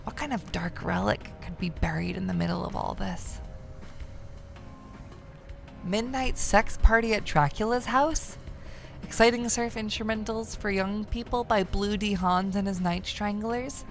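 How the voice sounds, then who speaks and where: A young woman streams a game and reads its text aloud with a sardonic, jokey edge. Her voice has a gravelly fry to it, and soft music plays faintly underneath. Now and then she slips into a mock announcer voice. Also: mid-range voice, a little slow. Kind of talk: casual gameplay commentary, reading game text aloud.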